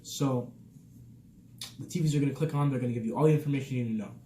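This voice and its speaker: A man's voice: medium pitch, very fast. Young man vlogging from an echoey barracks. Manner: relaxed at first, then upbeat and animated. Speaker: vlog host, Navy sailor. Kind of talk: casual vlog talk. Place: military barracks room. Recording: echoey room with background noise.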